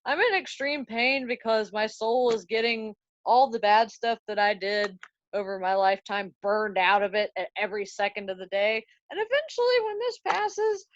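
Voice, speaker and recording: A woman voicing a vengeful dead king's ghost in casual slang, with slow dramatic emphasis, on a dry, dull recording. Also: a little high, no echo, natural voice.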